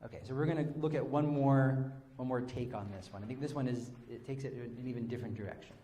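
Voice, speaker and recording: A man's voice: medium pitch, fast, warm tone. A man teaching as a rabbi, leading an interactive text study and taking questions, talking conversationally with frequent "sort of" and "right?".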